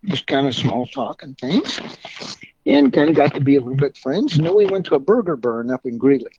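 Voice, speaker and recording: A man's voice: mid-range voice, big pitch swings, brisk, warm tone, a little hiss or hum. A man in his sixties, a car club member, telling long rambling anecdotes in a folksy, casual way with mild swearing. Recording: dull lo-fi recording.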